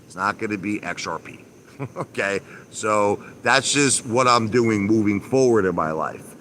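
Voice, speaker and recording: A man's voice: on the low side, lively intonation, measured pace, a bit bright, slight background noise. A man live-streaming from his backyard by a pool, ranting casually, repeating himself with emphasis and mild swearing. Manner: repetitive, emphatic, mildly profane.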